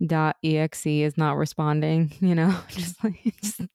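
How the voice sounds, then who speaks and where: A woman's voice: low voice, normal speed, smooth, no room sound, studio quality. A woman co-hosting a casual TV recap podcast, retelling scenes and acting out the characters' lines with frequent laughs. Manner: animated retelling, acts out quoted lines, laughs often. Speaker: podcast co-host.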